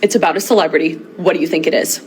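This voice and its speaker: A woman's voice: low-pitched, steady tone, rapid-fire, darkish tone, slight background noise. A woman teacher in a social media skit, bubbly and breathless as she addresses her class.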